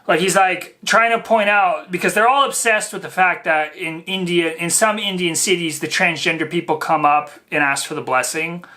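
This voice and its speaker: A man hosts a casual reaction commentary, with a bright, forceful tone. He rambles with lots of fillers and mocks what he is reacting to. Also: fairly high pitch. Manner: rambling, filler-heavy, mocking. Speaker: reaction video host.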